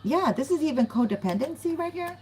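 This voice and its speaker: This tarot reader has a high, expressive, slightly mellow voice and talks briskly. Giggling as she chats with her viewers, she acts out the voices of people who might say things. Slight background noise comes through the low-quality recording.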